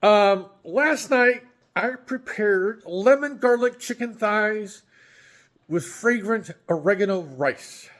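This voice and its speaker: A man's voice: high voice, expressive, slow pace, fairly bright tone. A man hosting a daily home cooking vlog, chatting casually and rambling a little, often correcting himself and chuckling at his own slips. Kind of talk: casual chat.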